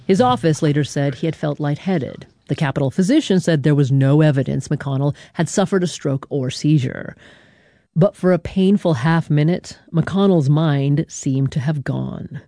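Low-voiced woman hosting public radio. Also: warm tone, dry recording, clean studio sound. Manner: measured, deliberate delivery with dramatic pauses. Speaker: radio show host. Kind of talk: scripted public radio narration.

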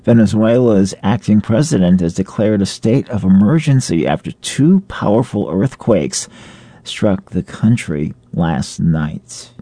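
Deep, dark-voiced male newscaster. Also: expressive, no room sound. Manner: measured newsreader delivery. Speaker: local newscaster. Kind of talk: radio news reading.

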